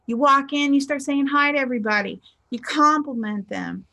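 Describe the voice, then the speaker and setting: A woman with a slightly raised pitch gives a casual motivational talk as a spiritual teacher. She speaks in a chatty, conversational way and slips into lively voices for the people she quotes. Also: normal speed. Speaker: spiritual teacher and life coach.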